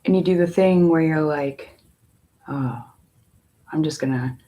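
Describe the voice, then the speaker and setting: A woman tarot reader in a casual spiritual talk, musing in a slow, meandering way with long pauses. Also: low voice, dark tone.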